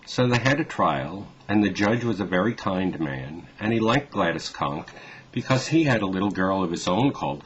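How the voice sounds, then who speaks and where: Deep male storyteller for kids, gentle and measured; slightly dull recording. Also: a little hiss or hum. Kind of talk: children's story reading.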